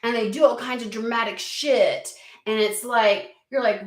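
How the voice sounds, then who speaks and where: A woman's voice: on the high side, steady tone, normal speed, echoey room. A woman giving a casual tarot reading, chatty and rambling, swearing freely and saying "like" a lot. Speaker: tarot reader.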